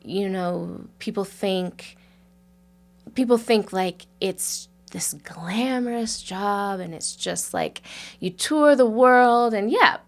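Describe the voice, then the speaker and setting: A young woman, a dance teacher, talking as a guest on a casual podcast, animated and quick to laugh. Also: medium pitch, creaky. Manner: animated, laughing often, talks with emphatic asides.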